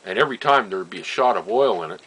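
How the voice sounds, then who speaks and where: Racing through family stories, an older man from Nova Scotia speaks casually in an expressive, fairly bright voice on the low side. He chuckles often and repeats phrases as he trails off. The low-quality recording has a little hiss or hum.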